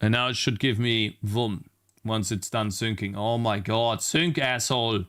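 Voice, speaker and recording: An indie game developer streams while working on his game, talking casually into a desk streaming mic as he grows frustrated, swearing and muttering at his computer. His lowish voice is a bit bright and measured in pace.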